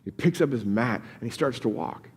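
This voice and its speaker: A man's voice: medium pitch, lively intonation, a little fast, darkish tone, husky. Preaching man in a reverberant hall. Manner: conversational, repeats words when starting sentences. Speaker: pastor. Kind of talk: sermon. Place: church sanctuary.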